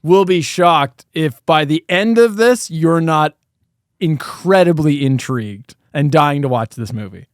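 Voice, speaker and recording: A man co-hosting a movie podcast in loose, profane chat. His voice sits a little high and sounds smooth and clean. The recording is dry and close, with no room sound. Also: a little slow, no room sound. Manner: swears freely, animated. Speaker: podcast co-host. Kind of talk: casual chat.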